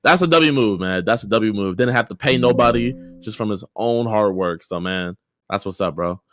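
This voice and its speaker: A man's voice: on the low side, moderate pace, a bit bright, slight background noise. A young man speaking as a guest on a livestream, in upbeat, rambling, earnest casual chat. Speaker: streamer guest.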